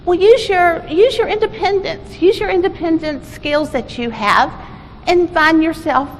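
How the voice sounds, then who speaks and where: A woman's voice: very high-pitched, measured pace, voice pushed up. A woman voicing an elderly man who lectures a trapped youth about independence, recorded in an echoey hall. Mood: patronizing. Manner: lecturing, patronizing. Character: stern older man preaching self-reliance. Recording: echoey hall with faint noise.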